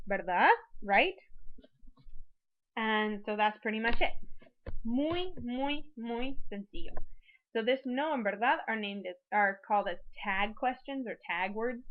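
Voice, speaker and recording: A woman teaching a recorded lesson in a chatty, easygoing way, working through example after example. Her voice sits at a middle pitch, and the recording sounds dull and lo-fi. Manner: chatty, explains with many examples. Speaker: Spanish teacher. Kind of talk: recorded lecture for students.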